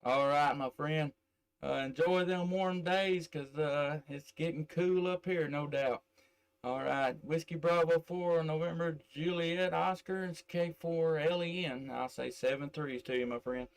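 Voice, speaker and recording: Gravelly southern ham radio man. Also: a little high, steady tone, measured pace. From middle Tennessee. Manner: drawling, many "uh" fillers. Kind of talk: casual on-air radio contact. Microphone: desk radio microphone.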